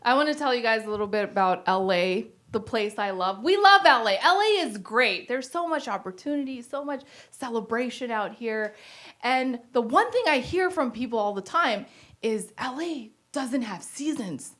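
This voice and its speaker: A woman with a high voice works a stand-up crowd on a stage mic. She talks animatedly, swings into exaggerated quoted voices, and laughs at her own jokes. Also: expressive, moderate pace, fairly bright tone. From Pakistan. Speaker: stand-up comedian. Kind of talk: stand-up set. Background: audience laughter.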